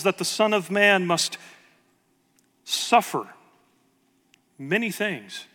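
Pastor guy preaching, sharp bright voice, earnest, big church echo. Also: high-pitched. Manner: earnest preaching, reads scripture aloud with emphasis. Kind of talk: sermon.

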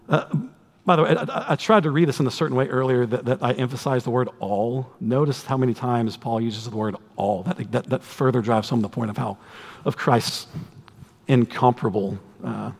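A man preaching a sermon to a congregation, conversational and animated, with humorous asides. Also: mid-range voice, gravelly, husky. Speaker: pastor. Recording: long hall reverb.

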